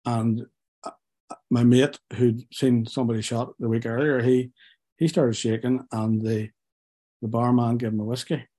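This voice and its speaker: A middle-aged man recounts his past with candid, self-mocking honesty, stumbling over fillers. His voice is husky and mellow. He sounds close to tears. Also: medium pitch, flat delivery, moderate pace. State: tearful. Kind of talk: personal storytelling to an interviewer.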